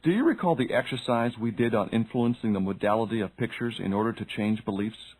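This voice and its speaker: A man's voice: fairly low pitch, brisk, a little mellow, rough recording. A man reading a self-help audiobook, speaking directly to the listener and asking questions. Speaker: audiobook narrator. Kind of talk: scripted self-help narration.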